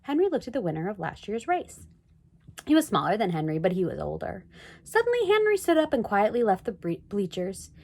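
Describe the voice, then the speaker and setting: A woman reading a children's chapter book aloud in an expressive read-aloud manner. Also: mid-range voice, brisk. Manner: expressive, sing-song read-aloud delivery. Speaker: storybook reader.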